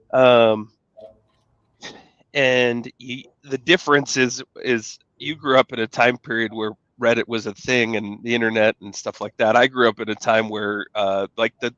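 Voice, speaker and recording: A man's voice: medium pitch, fairly bright tone, dry recording, dull audio. Joking, rambling middle-aged man. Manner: joking, rambling, lots of fillers and restarts. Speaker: podcast co-host. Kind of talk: casual podcast conversation.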